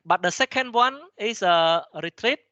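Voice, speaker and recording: A man with a Cambodian accent, a native Khmer speaker, lecturing in a halting way, with many restarts and frequent "okay?" checks to the class. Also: high voice, animated, pushed and bright, dry recording, dull audio. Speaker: teacher. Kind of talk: lecture explaining slides, switching between English and Khmer.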